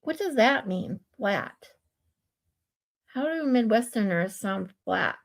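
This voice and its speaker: A woman with a Michigan accent and a high, nasal voice, chatting casually on a livestream, laughing often. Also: expressive, slow, creaky. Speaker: livestream co-host. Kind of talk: casual chat.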